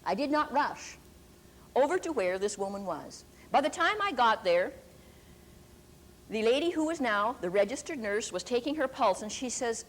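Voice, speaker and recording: An older woman preaching, her fairly high voice rising and falling with lively swings. She tells a story deliberately, stretching out the words she wants to stress. A faint hiss sits under her voice. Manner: deliberate, emphatic storyteller who stretches key words slowly. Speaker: preacher and Bible teacher. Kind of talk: sermon with testimony storytelling.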